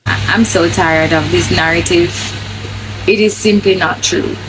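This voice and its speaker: A woman's voice: on the low side, fairly even intonation, unhurried, background noise. A woman speaking in fed-up, insistent commentary.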